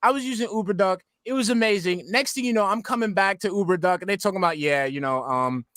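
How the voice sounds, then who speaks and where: A man talking as a podcast guest in casual chat, animated and tripping over repeated words as he rants. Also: high-pitched, fast talker, no room sound, clean studio sound. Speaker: podcast guest, music maker.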